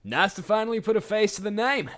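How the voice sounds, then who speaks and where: Guy doing a friendly upbeat young dude, kinda high, bouncy. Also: lively intonation, fast talker, fairly bright tone, faint music behind.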